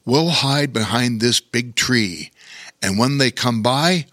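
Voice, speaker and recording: A man voicing a big, cold and tired bear king in a children's story, steady and protective. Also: medium pitch, slow pace, no echo, clean studio sound, exaggerated voice. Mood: determined. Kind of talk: storybook character voice.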